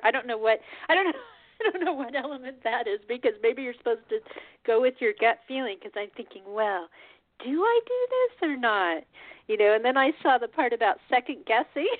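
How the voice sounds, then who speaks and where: A woman's voice: high voice, no room sound. A woman in her fifties hosting a talk show, rambling and laughing at herself in casual conversation. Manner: rambling, laughing, self-deprecating. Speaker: radio show host. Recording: tinny phone line.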